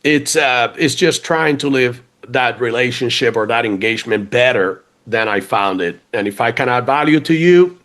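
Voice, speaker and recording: A man's voice: mid-range voice, normal speed, few pauses. A man with a noticeable accent, talking as a guest on a business podcast. He is chatty and repeats words as he restarts his thoughts. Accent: funky accent, non-native. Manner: chatty, animated, many restarts. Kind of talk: casual interview chat.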